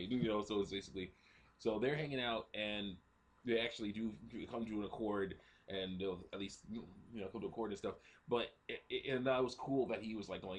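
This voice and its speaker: Husky man rambling through a movie plot. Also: on the low side, a little fast. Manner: rambling, many fillers, clears throat often. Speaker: ministry video host. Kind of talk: casual movie retelling.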